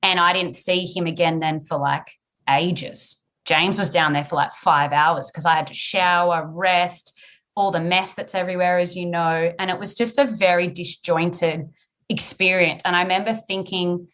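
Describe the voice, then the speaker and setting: A woman's voice: fairly low pitch, fairly even intonation, normal speed, a bit bright. A young woman frankly telling her birth story on a podcast, acting out her past self and swearing freely.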